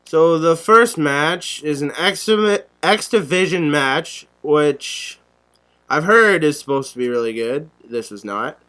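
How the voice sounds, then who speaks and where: A man's voice: fairly high pitch, lively intonation, takes it slowly, pushed and bright. A young man co-hosting a podcast, talking bluntly and sarcastically and swearing often. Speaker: podcast co-host. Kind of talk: casual podcast chat.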